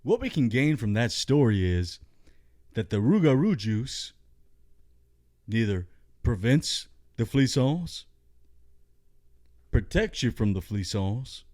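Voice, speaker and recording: A man's voice: medium pitch, sing-song, takes it slowly, pauses often, dark tone. A man telling a comic story and ranting bluntly, with profanity. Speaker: comedic vlogger.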